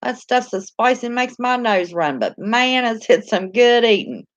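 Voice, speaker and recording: In an animated yet unhurried voice pitched a little high, a Southern American woman goes through her stream's live chat, answering viewers in a talkative, homey manner and laughing easily. There's no echo, though the sound is muffled.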